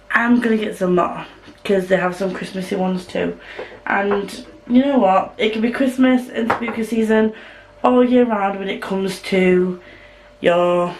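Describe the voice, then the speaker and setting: A woman's voice: medium pitch, slight background noise, rough recording. A woman from the north of England with a Yorkshire accent, chatting casually to camera at home in a rambling, self-deprecating way. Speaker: vlogger. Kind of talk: casual chat.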